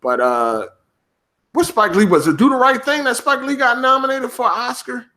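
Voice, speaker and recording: A man's voice: very high-pitched, moderate pace. A podcast host, swearing heavily as he talks casually and snaps back at his livestream chat. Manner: profane, animated, reacting to chat.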